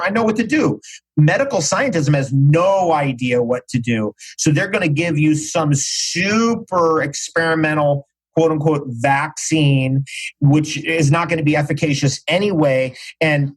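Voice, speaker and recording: A man's voice: a little high, husky, poor audio. A man speaking as a podcast guest in casual interview talk, emphatic and repeating phrases for stress.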